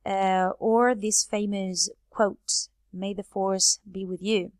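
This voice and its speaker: A woman's voice: medium pitch, little pitch movement, slow pace, gravelly, hardly any pauses, darkish tone, dry recording, clean studio sound. A woman teaching English grammar, explaining step by step and reading example sentences aloud from a board. Her first language is Spanish. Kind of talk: grammar lesson.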